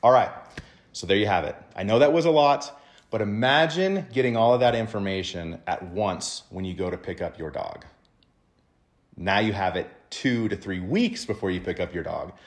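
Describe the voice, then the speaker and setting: Animated low-voiced male dog trainer. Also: normal speed. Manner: emphatic, keeps asking "right?". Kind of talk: instructional explanation to dog owners.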